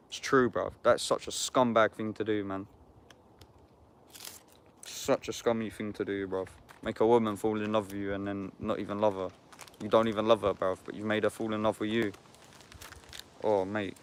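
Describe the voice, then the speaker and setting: Chatting casually to his livestream viewers, a young YouTuber from Epsom, England, is slangy and sweary, tacking "bruv" onto everything. He speaks smoothly at a moderate pace in a fairly low voice.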